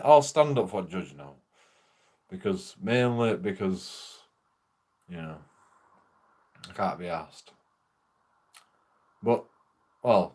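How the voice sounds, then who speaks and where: A young man chats loosely and swears freely. He rambles from one story to the next, laughing as he goes, in a casual streaming talk. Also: fairly low pitch. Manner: sweary, rambling, laughs through his stories.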